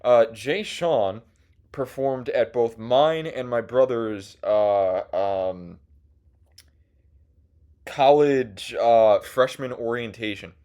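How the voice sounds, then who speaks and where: A young man rambles through a comedic story, swearing freely and trailing off into fillers. His voice sits at an ordinary middle pitch, and his delivery is sarcastic and loose. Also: drawn-out words, mellow. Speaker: host. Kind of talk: casual comedic monologue.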